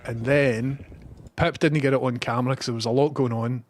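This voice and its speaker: A man's voice: medium pitch, steady tone, normal speed, slight background noise. A man with a Scottish accent, a live streamer telling a rambling story and reading out viewer messages.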